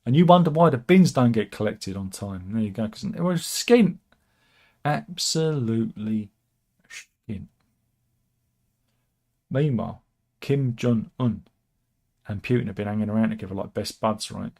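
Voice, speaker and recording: A man's voice: on the low side, lively intonation, a little slow, gravelly, long pauses, warm tone. A man hosting casual satirical commentary on news stories, wry and rambling, with asides and restarts. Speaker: host of a satirical news channel.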